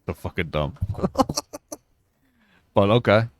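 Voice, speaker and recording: Lower-voiced man on a dead-dry mic, a laughing, disbelieving live-reaction commentator. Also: takes it slowly, no echo. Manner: laughs often, shocked and exclaiming. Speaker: stream co-host reacting.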